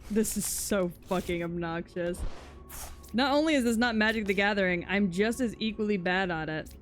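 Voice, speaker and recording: A woman's voice: mid-range voice, moderate pace. A woman streaming a card game, talking casually to chat, swearing and muttering in frustration with sarcastic asides. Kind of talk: casual live-stream chat while playing.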